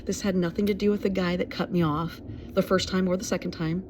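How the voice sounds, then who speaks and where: A woman's voice: lowish voice, fairly even intonation, fairly quick, background noise. A middle-aged woman sharing a personal story in an earnest, reflective way, with many fillers, as a mental health advocate.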